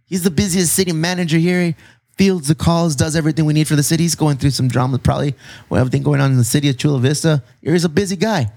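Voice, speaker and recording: A man's voice: on the high side, fast talker, darkish tone. A man, co-hosting a casual podcast in a laid-back, slangy, profane way. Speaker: podcast co-host. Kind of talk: casual chat.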